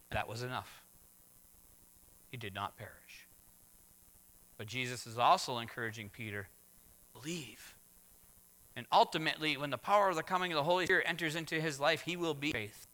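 A man preaching a sermon as pastor, swinging from hushed words to loud exclamations. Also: mid-range voice. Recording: long hall reverb.

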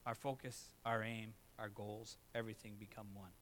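A middle-aged man preaching a sermon as pastor, moving between loud emphatic lines and low, quiet asides. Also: little pitch movement, moderate pace, a little hiss or hum.

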